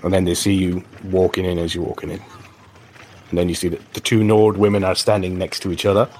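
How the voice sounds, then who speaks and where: A man narrating a tabletop game as game master, halting with many fillers and restarts. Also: sits low, level tone, a little mellow, slight background noise.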